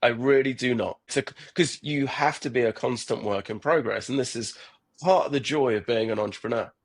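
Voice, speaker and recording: His voice is mid-range and slightly rough, and he speaks a little fast. He's a middle-aged startup founder appearing as a podcast guest, earnest and reflective in this conversational interview, frequently restarting sentences and repeating words.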